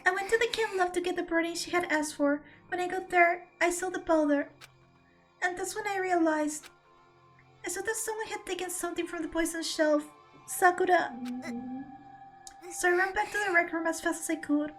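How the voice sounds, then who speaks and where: A woman's voice: extremely high pitch, moderate pace, a bit bright, soft background music. A woman streamer reading video game dialogue aloud, dramatic and emotional, close to tears.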